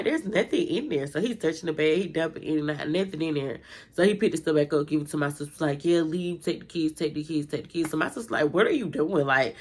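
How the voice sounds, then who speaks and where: A young woman, telling a personal story to her viewers in casual vlog style, jumping high when she acts out her own lines. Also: slightly rough. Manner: animated retelling, jumps to high pitch when quoting herself. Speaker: storytime vlogger.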